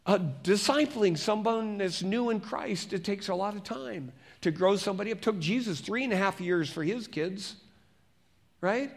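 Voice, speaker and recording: A man preaching as a pastor, reading scripture slowly and turning to the congregation with conversational questions. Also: high-pitched, gravelly. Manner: reads scripture slowly and deliberately.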